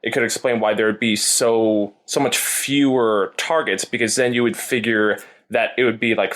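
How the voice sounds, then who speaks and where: A man on a podcast, measured, reasoning aloud through a point. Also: lowish voice, a bit bright. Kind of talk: podcast discussion.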